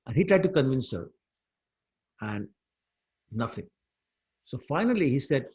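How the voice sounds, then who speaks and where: Husky-voiced man telling scripture stories. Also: mid-range voice, moderate pace, pauses often. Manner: animated storytelling, mixing in Hindi words. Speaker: scripture class teacher. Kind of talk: storytelling scripture lesson.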